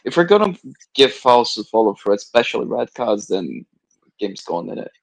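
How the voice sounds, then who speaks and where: A man argues football tactics on a live stream in a firm, explaining way. His voice sits mid-pitch and the sound is dry and close. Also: big pitch swings, normal speed, creaky, no echo, rough recording. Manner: argumentative, explains tactics firmly. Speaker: co-host of a live match watch-along. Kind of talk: casual live football chat.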